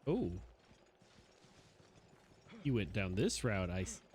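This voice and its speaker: A man's voice: lowish voice, big pitch swings, slow, a little hiss or hum. Playful man streaming a game live. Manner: playful, talks to the monsters. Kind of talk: live gameplay commentary. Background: game music.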